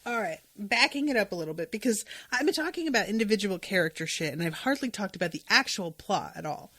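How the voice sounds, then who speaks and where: A woman's voice: medium pitch, animated, fast talker, sharp tone, no room sound. Gushing podcast host woman, dry mic. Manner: emotional, gushing, choked up at times. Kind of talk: casual chat.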